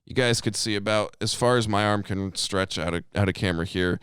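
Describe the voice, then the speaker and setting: Deep-voiced man telling a rowdy story. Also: brisk, clean tone, no room sound, clean studio sound. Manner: animated storyteller, heavy swearing, acts out quotes. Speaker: podcast co-host. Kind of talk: casual storytelling chat.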